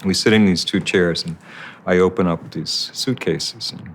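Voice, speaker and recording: Older man, sixties, artist interviewee; deep voice, rambling storyteller. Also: fairly even intonation, normal speed. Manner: rambling, self-correcting storyteller who acts out the people he quotes.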